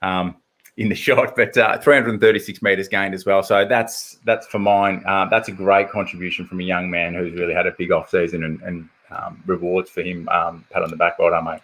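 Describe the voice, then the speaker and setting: Low and fairly quick, his voice barely moves in pitch and has a slightly bright edge. He's an Australian podcast host chatting casually about football, heavy on stats and loaded with fillers.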